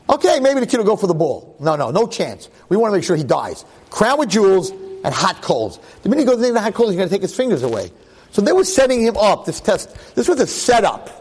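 Man, teacher, animated joking storyteller, husky, fairly high. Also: in a large hall. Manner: lively, joking, acts out quotes. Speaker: religious teacher.

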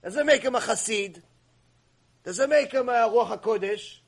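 A man teaching a long religious lecture, telling stories in an animated way and acting out the voices. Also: very high voice, unhurried. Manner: animated storytelling, acts out voices.

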